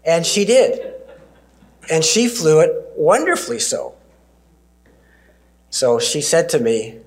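A man's voice: fairly high pitch, very animated. Preacher in his sixties. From Canada. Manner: earnest storytelling that slows down and drops to a near-whisper for emphasis. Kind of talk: sermon.

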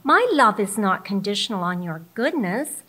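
A woman speaking as a gentle, loving Jesus. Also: mid-range voice, expressive, normal speed. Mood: tender. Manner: tender, reassuring.

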